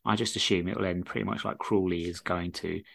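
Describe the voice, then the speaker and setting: A man's voice: low voice, fairly even intonation, fast talker, vocal fry, a bit bright. A man co-hosting a casual football podcast, with a dry, sardonic way of talking. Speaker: podcast co-host.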